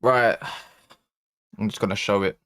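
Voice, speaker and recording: A man's voice: fairly low pitch, steady tone, slow pace, a bit bright, clean tone, no echo, clean studio sound. A man hosting a live-streamed football fan reaction, talking in exasperated, slangy bursts that rise to frantic outbursts. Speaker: football channel host. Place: indoor room.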